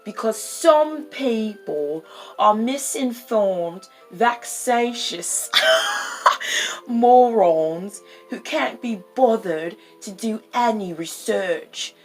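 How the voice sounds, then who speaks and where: A woman's voice: mid-range voice, animated, very slow, a little mellow, faint music behind, rough recording. A woman voicing a snooty male British online commenter in a put-on British accent, drawn out and scornful.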